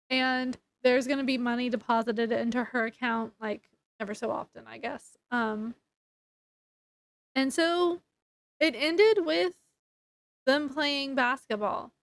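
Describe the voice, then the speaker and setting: A woman's voice: a little high, no echo. A woman casually retelling a novel's plot in a rambling, chatty way, full of fillers and restarts. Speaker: book reviewer. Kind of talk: casual book review recap.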